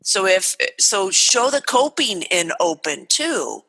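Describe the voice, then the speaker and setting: Bright, animated woman guest. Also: mid-range voice, slow pace, vocal fry, poor audio. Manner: animated, acts out quoted lines. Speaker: guest author and speaker. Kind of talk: podcast interview.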